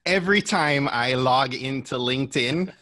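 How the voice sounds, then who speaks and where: A man's voice: mid-range voice, normal speed, pushed and bright, dry recording. A man with a Jamaican accent blended by years abroad, moderating a panel in an encouraging, enthusiastic way. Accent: Jamaican, blended after years abroad.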